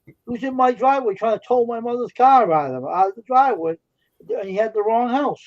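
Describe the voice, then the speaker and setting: His voice is very high-pitched and expressive, delivered briskly over lo-fi sound. He's a stream co-host spinning heated, indignant tales of confrontations in casual storytelling chat.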